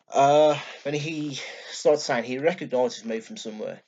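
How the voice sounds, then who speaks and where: A man with a Birmingham accent telling a story to camera in a blunt, sweary, excitable way, acting out what others said. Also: mid-range voice, measured pace, dull audio, slight background noise. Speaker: vlogger. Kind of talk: casual storytelling vlog.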